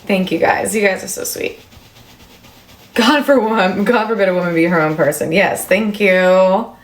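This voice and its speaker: A woman in her thirties chats casually on a livestream and answers viewers' comments as they come in. Her talk is loose and full of fillers, at a middle pitch. The room around her is echoey. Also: moderate pace. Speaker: livestream host.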